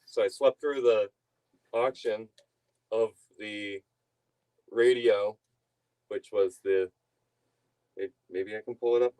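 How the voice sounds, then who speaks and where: A man's voice: fairly low pitch, warm tone, rough recording. A young man telling a rambling story to his stream viewers, laughing often and breaking off mid-sentence. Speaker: reseller streamer.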